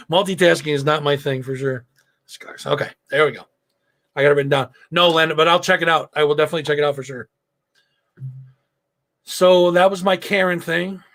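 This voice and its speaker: Middle-aged male host, gravelly, slightly high voice, casual rambling storyteller with lots of cursing. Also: fairly bright tone. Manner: loose storytelling, frequent swearing and fillers. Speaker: live show host. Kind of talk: casual live-stream chat.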